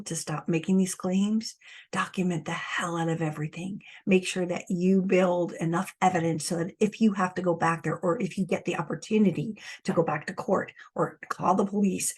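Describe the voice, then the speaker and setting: Woman, middle-aged, husky, outspoken, frustrated, support coach monologue. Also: fairly low pitch, a little mellow. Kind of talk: impassioned direct-to-camera monologue.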